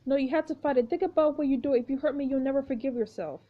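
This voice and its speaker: A woman's voice: high voice, fast, pitched above the performer's own voice, natural voice. A woman voicing a frightened teenage heroine in a story game, urgently pleading with a friend. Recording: dull lo-fi recording.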